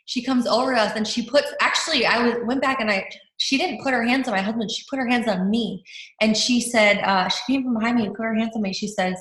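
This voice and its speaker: A young woman, a team leader, telling a story in casual leadership talk over a video call, animated with many restarts and fillers. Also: medium pitch. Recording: roomy echo.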